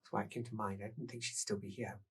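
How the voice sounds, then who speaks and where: The game master voicing a regretful woman in her fifties who talks quietly about her past. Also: mid-range voice, level tone, fast, slightly rough, far from the mic. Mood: wistful. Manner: soft, quiet, wistful.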